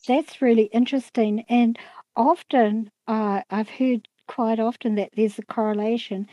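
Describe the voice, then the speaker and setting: A woman's voice: on the high side, steady tone, unhurried, no room sound, muffled recording. A woman host asking interview questions, attentive and affirming.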